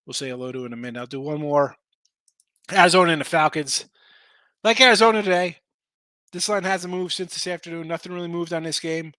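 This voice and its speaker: This man speaks at a fairly high pitch and fairly quick pace, pausing often, his tone sharp and the recording dry. Hosting a live sports betting show, he's exhausted and losing his voice, casually covering point spreads and fielding viewer questions from the chat.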